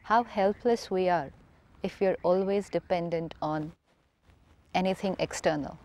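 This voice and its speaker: A woman's voice: fairly low pitch, measured pace, a little mellow. A woman in a spiritual talk show conversation, explaining patiently and repeating key phrases for emphasis. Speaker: spiritual teacher.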